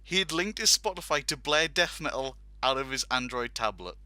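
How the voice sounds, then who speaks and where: A man telling a story on a casual talk show. His voice is very bright and crisp. It is recorded close and dry, with no room sound. He rambles animatedly, with laughs and quoted lines. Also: medium pitch, animated, moderate pace, dry recording. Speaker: podcast host telling a story.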